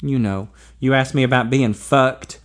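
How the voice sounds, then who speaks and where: A man reading aloud, voicing a brawny, blunt adult man in a hushed, matter-of-fact way. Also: mid-range voice, measured pace, lightly acted.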